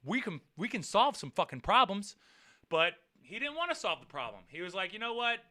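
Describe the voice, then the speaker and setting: A man telling a road-rage story in a casual vlog, swearing freely and swinging between muttering and near-shouting. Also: high-pitched, very animated, normal speed. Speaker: vlogger.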